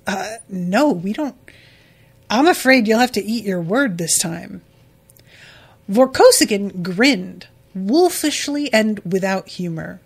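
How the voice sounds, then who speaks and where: Speaking slowly but animatedly, with vocal fry in her mid-range voice, this book podcast host is losing her voice. She talks about her reading in a casual, blunt, and profane way, sounding exasperated.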